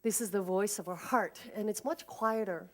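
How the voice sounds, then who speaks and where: A woman with a medium-pitched voice speaks at a moderate pace, giving a lively inspirational talk at a spiritual service. She leads the congregation in an affirmation.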